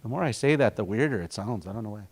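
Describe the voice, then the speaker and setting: A man's voice: on the low side, expressive, very fast. A man teaching a language class, patiently repeating words and breaking them into syllables for his students.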